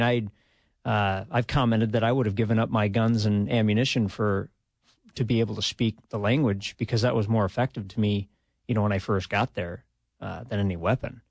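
Gravelly-voiced man, relaxed. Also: fairly low pitch, a little fast, no echo. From Minnesota, USA. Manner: relaxed and modest, chuckles often, many "uh" fillers. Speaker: retired army officer, interview guest. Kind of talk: radio interview.

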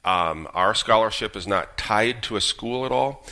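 A man in his fifties from Minnesota speaks as a guest on a radio show. His voice is deep, yet bright and forward in tone. He talks earnestly and steadily, with the occasional filler, telling a personal story. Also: a little slow. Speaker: guest, Gold Star father.

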